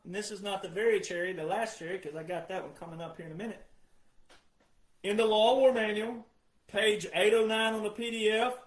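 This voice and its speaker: Insistent high-voiced man in an echoey room. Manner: insistent, repetitive, addresses "ladies and gentlemen". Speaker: commentator. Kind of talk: emphatic monologue.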